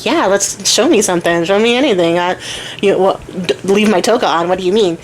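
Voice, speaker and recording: A woman's voice: mid-range voice, brisk, a little hiss or hum, lightly acted, poor audio. A woman voicing a cocky young male hero who talks in a breezy, bro-like way.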